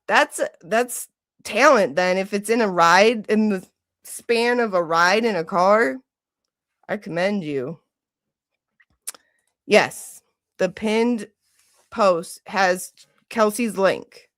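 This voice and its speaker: A woman from Michigan hosting a livestream, chatting casually and ranting with lots of "like" and swearing. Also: medium pitch. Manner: animated, ranting, heavy use of "like", swearing. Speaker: livestream host.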